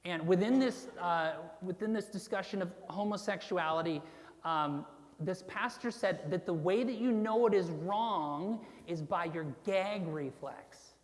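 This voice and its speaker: A woman's voice: on the low side, unhurried. Woman preaching in a reverberant church. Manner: conversational, with fillers and asides. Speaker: pastor. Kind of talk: sermon. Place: church sanctuary.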